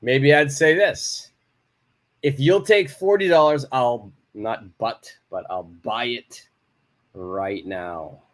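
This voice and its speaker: A man teaching an online English lesson, repeating example phrases slowly and clearly. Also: mid-range voice.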